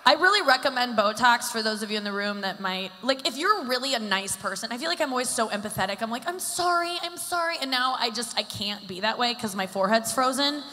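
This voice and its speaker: A woman's voice: fairly high pitch, fast, hardly any pauses, sharp tone. A woman in her thirties doing a live stand-up set, rambling and self-deprecating with lots of filler "like"s. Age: 30s. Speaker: stand-up comedian. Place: stage at a live summit event. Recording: echoey hall with long reverb.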